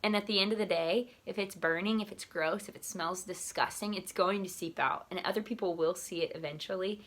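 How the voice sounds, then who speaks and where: A young woman who works in church ministry, telling a personal story to her vlog audience in a lively way and acting out the voices of the people in it. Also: on the low side, brisk. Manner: animated, acts out quoted voices.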